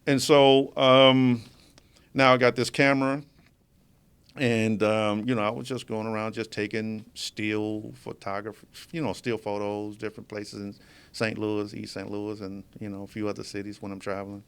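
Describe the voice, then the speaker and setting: A man's voice: fairly low pitch, little pitch movement, moderate pace, clear, resonant tone. A man being interviewed as a guest in a studio, telling his story casually and with animation, often laughing as he talks. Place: media studio.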